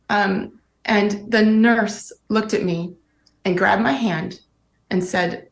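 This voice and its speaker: A woman's voice: medium pitch, steady tone. Candid woman in a roomy interview clip. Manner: candid, tearful, halting. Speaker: interview guest, sportscaster. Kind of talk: emotional interview recollection.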